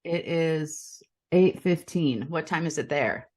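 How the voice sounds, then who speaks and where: A woman's voice: low-pitched, takes it slowly, darkish tone. Chatty woman with a Philly accent. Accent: Philadelphia. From United States. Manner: chatty, giggly, rambling. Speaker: guest. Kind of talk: casual interview chat.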